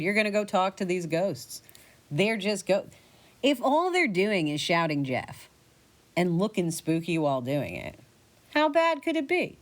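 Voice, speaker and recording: A woman narrating a choose-your-own-adventure story in the second person, playful and animated. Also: lowish voice. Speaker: podcast narrator.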